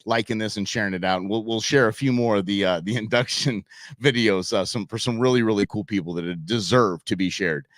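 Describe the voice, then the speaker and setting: A man's voice: lowish voice, a little fast, dry recording, studio quality. A middle-aged man hosting a live outdoors show from his desk, telling stories in a casual monologue and acting out what people said. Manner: animated storyteller acting out quotes. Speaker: show host. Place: home studio at a computer.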